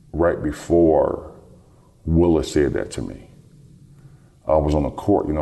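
Very deep-voiced man telling a story. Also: creaky. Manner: relaxed, rambling storyteller who acts out quoted dialogue. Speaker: guest, former basketball player. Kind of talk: storytelling in an interview.

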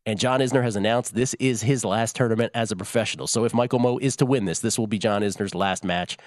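A low-voiced man talks sports betting in a loose, rambling way. The sound is dry and close, with no room around it. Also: darkish tone, dry recording. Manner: chatty, rambling, quick asides and laughs. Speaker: sports betting show host. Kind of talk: casual sports talk.

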